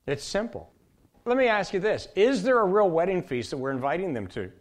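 A man preaching a sermon, emphatic, swinging from loud to soft and repeating his points. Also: sits high, big pitch swings, a little fast.

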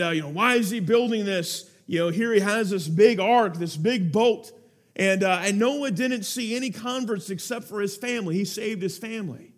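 A man preaching a sermon, telling a story with earnest feeling and building to urgent appeals to his listeners. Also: high voice.

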